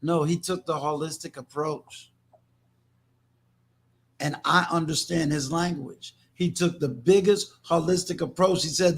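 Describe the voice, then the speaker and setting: An older man from New York hosts a livestream, talking slowly and carefully. His voice sits high for a man. He preaches emphatically and often repeats words as he pushes a point. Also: fairly even intonation, husky. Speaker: livestream host. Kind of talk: casual livestream talk.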